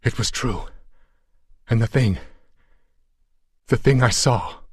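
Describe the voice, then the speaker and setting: A man's voice: mid-range voice, slightly rough, no room sound, studio quality, pitched above the performer's own voice. Man playing a haunted, somber American adventurer. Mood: shaken. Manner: halting, somber speech. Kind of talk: audiobook character voice.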